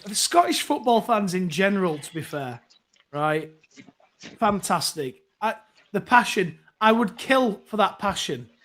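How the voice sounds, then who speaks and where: A chatty man with a rather high, slightly bright voice hosts a casual live phone-in. He rambles as he reads out viewer comments, filling the gaps with ums and asides.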